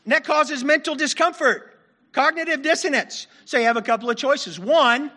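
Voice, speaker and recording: High, bright-voiced male pastor preaching. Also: normal speed. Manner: conversational, self-deprecating, laughs while preaching. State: losing his voice. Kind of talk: sermon.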